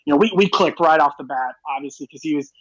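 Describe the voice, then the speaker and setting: A man talking fast and rambling with lots of fillers in casual podcast chat. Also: fairly high pitch, low-quality recording. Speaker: podcast co-host.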